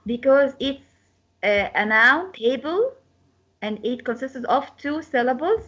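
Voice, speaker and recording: A woman teaching an English lesson, repeating words slowly to model their pronunciation. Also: high voice, animated, a bit bright. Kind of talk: classroom lecture. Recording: slightly dull lo-fi sound.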